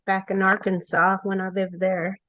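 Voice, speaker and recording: A woman's voice: mid-range voice, little pitch movement, moderate pace, fairly bright tone, no room sound, highs cut off. A woman in casual chat, repeating phrases as she talks.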